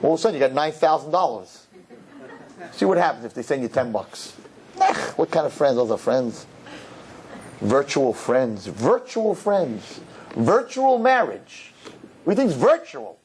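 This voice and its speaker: A middle-aged rabbi giving an animated sermon in a synagogue, joking with the audience and acting out quotes in high voices. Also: male voice, moderate pace, a little hiss or hum. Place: synagogue hall.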